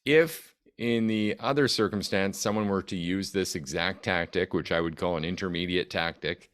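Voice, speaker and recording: A man's voice: low voice, moderate pace, a bit bright. A man co-hosting a casual podcast who jokes, laughs easily and chimes in with his own take. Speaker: podcast co-host.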